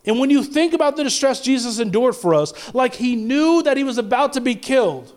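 High-pitched impassioned preacher. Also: male voice, lively intonation, fairly quick. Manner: impassioned preaching, swinging between loud and low; stumbles and restarts often. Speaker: pastor. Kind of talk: sermon.

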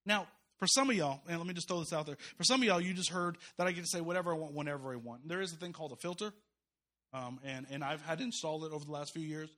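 Impassioned preacher man, high bright voice. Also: fast talker. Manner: impassioned, swings between loud urgent peaks and quiet low asides; folksy, uses y'all and slang. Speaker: guest preacher. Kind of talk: sermon.

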